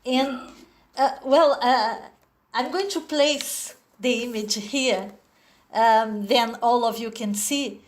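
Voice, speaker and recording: A woman with a Brazilian accent telling a story over a video call, hesitant and full of little fillers. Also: fairly high pitch. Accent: Brazilian Portuguese. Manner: slow, hesitant, with many fillers.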